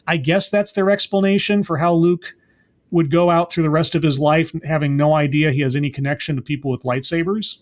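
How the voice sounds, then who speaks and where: A man giving a sarcastic, exasperated episode recap as a show reviewer, rambling and mocking. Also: high-pitched.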